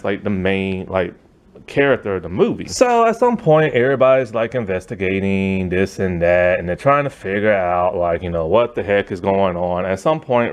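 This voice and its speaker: Lively, rambling male movie ranter. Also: fairly low pitch. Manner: rambling, loose and exasperated, full of filler words. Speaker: movie reviewer. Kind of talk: casual ranting movie review.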